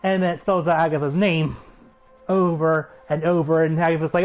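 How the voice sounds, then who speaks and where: A man giving a chatty, excitable recap of a show episode. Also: on the high side, normal speed. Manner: chatty, excitable, laughs while retelling. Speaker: show reviewer. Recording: muffled recording with faint music.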